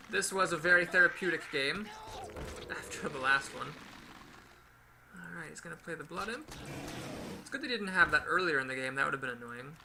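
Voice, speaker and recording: A man hosting a gaming video, giving chatty, animated play-by-play commentary with playful exclamations. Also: a little high, vocal fry, background noise. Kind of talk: casual gameplay commentary.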